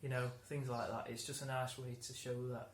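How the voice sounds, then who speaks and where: A man's voice: mid-range voice, little pitch movement, a little fast, a little hiss or hum. A man explaining words in a conversational lesson, laughing and restarting often. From England. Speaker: English teacher. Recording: roomy room, faint ambience.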